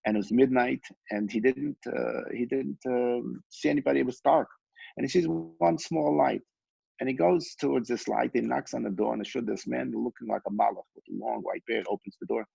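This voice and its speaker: A man's voice: mid-range voice, a little fast, vocal fry, darkish tone, slightly rough, no room sound. A man giving a Torah lesson, telling a story with frequent restarts. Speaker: Torah teacher. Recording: dull, dry lo-fi recording.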